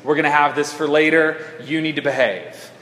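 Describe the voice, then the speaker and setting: Conversational preacher in an echoey hall. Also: male voice, fairly high pitch, a bit bright. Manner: conversational, halting with restarts. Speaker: pastor. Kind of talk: sermon. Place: church sanctuary.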